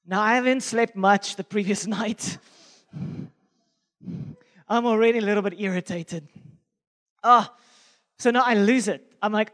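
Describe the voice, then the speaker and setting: High-voiced man preaching in a hall. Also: a little slow, long pauses. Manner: animated storytelling, self-mocking. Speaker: pastor. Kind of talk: sermon. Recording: long reverb of a hall.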